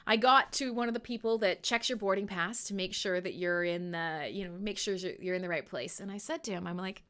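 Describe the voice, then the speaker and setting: A woman's voice: medium pitch, fairly quick, few pauses, sharp tone, clean tone. A woman hosting a live show, telling a story in a swearing, joking way, acting out quotes and laughing. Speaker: host of a live radio show. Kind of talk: casual storytelling to live listeners.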